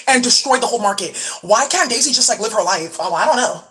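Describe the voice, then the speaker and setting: A woman with a fairly high, somewhat bright voice vlogs a rambling, conspiratorial monologue at a quick pace with few pauses, and the recording is rough. She swears freely and fills her speech with "like," hopping between topics while holding up beauty products.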